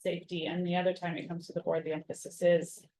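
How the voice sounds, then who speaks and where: A woman speaks in a school board committee meeting with a slightly low voice. She sounds agreeable and works through her ideas as she talks. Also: level tone, fast talker, warm tone, low-quality recording. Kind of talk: casual meeting discussion. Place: meeting room.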